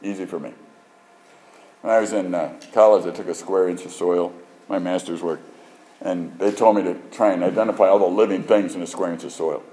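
A male preacher with a fairly low voice, delivering a sermon with humor and emphasis. He tells stories in an animated way and swings between quiet asides and punchy lines. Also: a little fast, low-quality recording. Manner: animated, jokey, emphatic storytelling.

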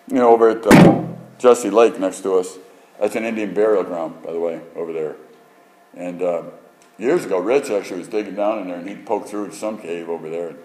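A male preacher giving a sermon in an animated, joking, emphatic storytelling manner. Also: low voice, a little fast, slight background noise, rough recording.

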